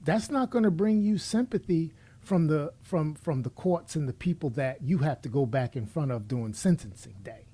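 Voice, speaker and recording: Warm yet slightly rough, a middle-aged man's somewhat high voice runs at normal speed with few pauses and plenty of animation. As a commentator he lectures bluntly and preachily, addressing the subject of his criticism head-on.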